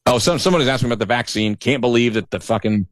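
A man's voice: mid-range voice, quick pace, dry recording. A middle-aged man telling a story in casual chat, rambling, profane and sarcastic.

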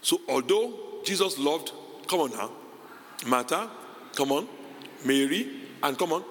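A male pastor preaching a sermon, moving between quiet conversational asides and loud, high, shouted emphasis. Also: moderate pace. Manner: animated preaching, swinging from low asides to high shouted peaks. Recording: reverberant hall with faint ambience.

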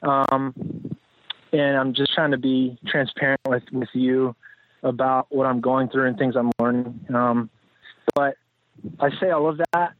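The man's medium-pitched voice is unhurried, with fairly even intonation. He's a podcast guest musing in a rambling, casual interview style with lots of fillers and restarts, heard through a dry, tinny, phone-like line.

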